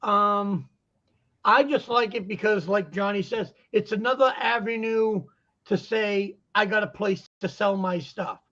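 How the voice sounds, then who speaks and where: A man with a Boston accent chatting casually on a talk show, telling stories and jokes in an animated way. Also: high-pitched, measured pace, muffled recording. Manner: joking, animated storyteller. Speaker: guest vendor. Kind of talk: casual chat. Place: lives in Florida.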